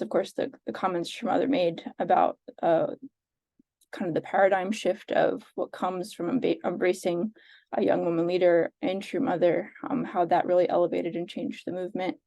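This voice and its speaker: A woman sharing reflections with a reading group on a video call, earnest and hesitant, with many pauses and fillers. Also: fairly low pitch, creaky, dark tone, dry recording.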